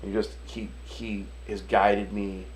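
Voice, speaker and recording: A man from Detroit, a restaurant owner and chef, telling animated stories in a casual interview, acting out the voices of the people in them and swearing casually. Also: lowish voice, slow pace, a little hiss or hum, low-quality recording. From Detroit, USA.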